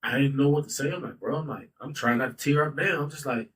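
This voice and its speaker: A man in his thirties hosting a casual podcast, speaking in a loose, heartfelt way. He stays at a mid pitch and keeps dropping in "bro" and "like." His voice sits a little back from the microphone. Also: fast, fairly bright tone, recorded from a distance, slight background noise, low-quality recording. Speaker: podcast host. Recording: voice a bit off-mic.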